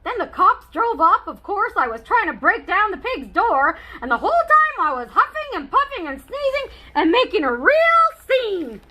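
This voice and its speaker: A woman's voice: very high voice, very animated, moderate pace, few pauses, sharp tone, voice pushed up, heavily acted, rough recording. A woman reading a children's book aloud as a chatty, wry male wolf telling his side of the story.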